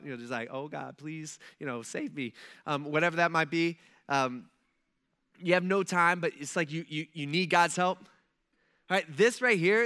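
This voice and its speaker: A man's voice: fairly high pitch, pushed and bright, clear, resonant tone. A man preaching a sermon in a conversational style, full of asides to his listeners. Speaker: pastor. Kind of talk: casual sermon.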